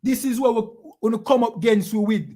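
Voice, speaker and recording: A Jamaican man with a high voice for a man preaches with fervour. He scolds his listeners and keeps asking them questions. Patois slips into his speech. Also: brisk, dark tone. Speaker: preacher teaching a class. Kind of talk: impassioned preaching.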